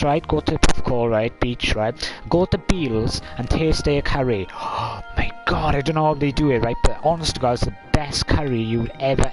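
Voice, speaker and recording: A man's voice: mid-range voice, poor audio. Rambling male streamer, mid-range voice, blunt and sweary, music playing behind. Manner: rambling, blunt, swears freely, chummy "mate". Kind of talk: casual rambling live-stream chat. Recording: talk over clear background music.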